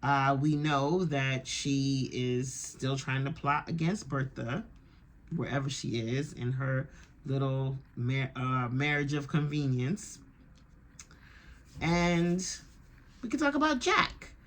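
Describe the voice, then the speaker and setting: A woman's voice: rumbling low, takes it slowly, slight background noise. Brief: woman reaction vlogger, chatty, opinionated, rambling recap. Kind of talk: casual episode recap.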